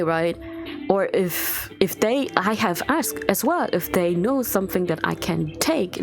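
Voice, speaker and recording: A woman streamer ranting angrily to her chat, swearing often and sounding exasperated. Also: fairly low pitch. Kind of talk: live-stream rant to chat.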